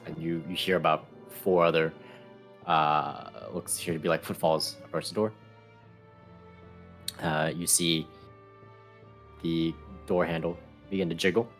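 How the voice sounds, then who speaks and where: A man's voice: low-pitched, steady tone, measured pace, long pauses, fairly bright tone, soft background music. A man narrating a tabletop game as game master, hesitant, with many ums and restarts.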